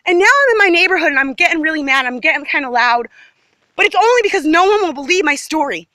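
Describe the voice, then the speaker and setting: A woman's voice: high-pitched, expressive, quick pace, bright, forceful tone, no room sound. A woman giving a rambling, agitated monologue to the camera outdoors in her neighborhood, jumping from topic to topic. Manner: agitated, emphatic, jumps between topics. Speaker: vlogger.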